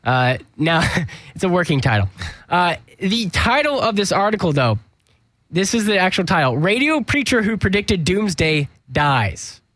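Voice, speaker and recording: A man's voice: high-pitched, big pitch swings, measured pace, a bit bright, no echo. A young man hosting a comedy news segment, sarcastic and joking, often stumbling and restarting his sentences. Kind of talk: mock news comedy monologue.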